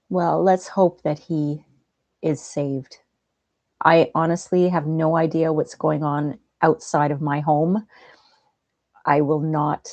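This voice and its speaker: A woman hosting a livestream, chatting gently and laughing easily as she reads out viewers' comments. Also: low-pitched, dry recording. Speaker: livestream host. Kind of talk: casual livestream chat reading viewer comments. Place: at home.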